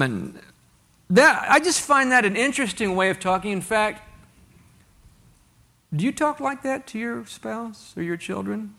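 A man's voice: sits high, expressive, unhurried, vocal fry, pauses often, sharp tone. A man preaching a sermon to a congregation, reading scripture aloud and asking rhetorical questions in a conversational way. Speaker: pastor.

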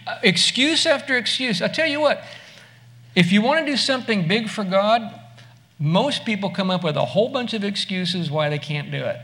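Bright high-voiced male preacher. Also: lively intonation, moderate pace. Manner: conversational preaching, asks the listeners direct questions. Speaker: pastor. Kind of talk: sermon.

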